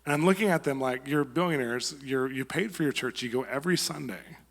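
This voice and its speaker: A man giving a conversational sermon, telling stories and acting out quotes in a lively way. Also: mid-range voice, fairly quick, vocal fry. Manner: conversational, animated storytelling with acted quotes. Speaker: guest preacher. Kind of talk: sermon with storytelling. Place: church sanctuary. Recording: long reverb of a church hall.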